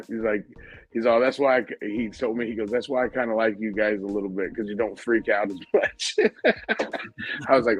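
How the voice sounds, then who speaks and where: A man's voice: mid-range voice, fairly quick, faint music behind, poor audio. A man hosting a casual podcast, telling a convention story with lots of swearing and laughter. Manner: profane, animated, laughing while telling stories. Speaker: podcast host.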